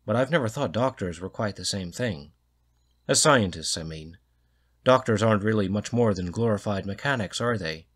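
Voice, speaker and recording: A man voicing a blustering, jowly fat man with a heavy brogue who talks loudly and pushily. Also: lively intonation, very slow, few pauses, heavily acted. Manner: booming, pushy.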